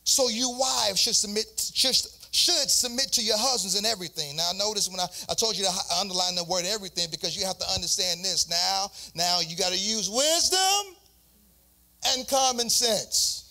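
A man's voice: high-pitched, expressive, normal speed, pushed and bright. A man preaching a sermon as pastor, in a sing-song cadence with repeated phrases.

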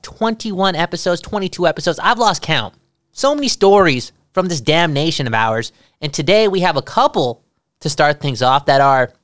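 A man's voice: a little high, fairly bright tone, no room sound, clean studio sound. A man co-hosting a casual podcast, loose and jokey, who keeps repeating a catchphrase. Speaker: podcast co-host. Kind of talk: casual chat.

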